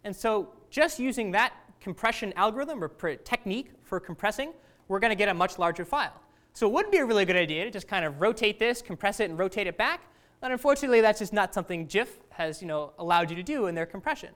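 A woman's voice: mid-range voice, expressive, fast talker, a bit bright. A woman teaching a class in a casual, conversational lecture, often asking the students questions.

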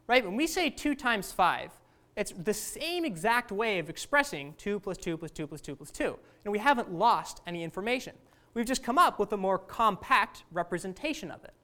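A woman's voice: medium pitch, big pitch swings, moderate pace, bright, forceful tone. A woman teaching a class in a casual, conversational lecture, often asking the students questions.

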